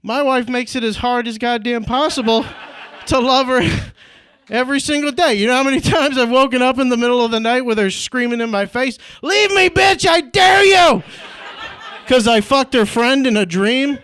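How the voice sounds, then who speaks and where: A man's voice: extremely high pitch, steady tone, brisk, a bit bright. A young man from Indiana performing a stand-up comedy set, peppering his lines with "like" and "right?" and laughing at his own jokes. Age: young adult. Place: comedy club stage.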